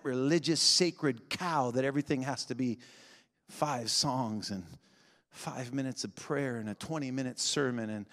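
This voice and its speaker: A man preaching a revival sermon, swinging between shouting and quiet intensity and laughing often. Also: medium pitch, a little slow. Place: large church sanctuary. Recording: long reverb of a big hall.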